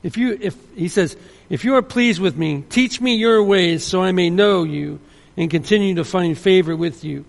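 Preacher, male, high gravelly voice, earnest and emphatic, long hall reverb. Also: normal speed. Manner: earnest, emphatic, with frequent restarts. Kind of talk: sermon.

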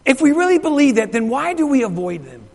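A middle-aged pastor's very high, slightly mellow voice moves in a quick, sing-song rhythm as he tells a sermon story. He is emphatic, repeats his phrases, and puts questions to the congregation, and the sanctuary adds a large hall's long reverb.

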